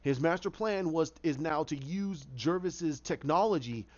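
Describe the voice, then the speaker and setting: A man in casual story retelling, animated and rambling with many restarts, on a dull lo-fi recording. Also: on the high side, a little slow. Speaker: storyteller pitching a film idea.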